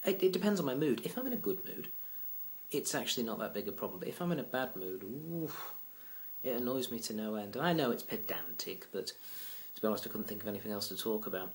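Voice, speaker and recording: A man's voice: fairly low pitch, animated, fast. A man, venting in a rambling, self-deprecating casual monologue to his vlog viewers. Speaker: vlogger.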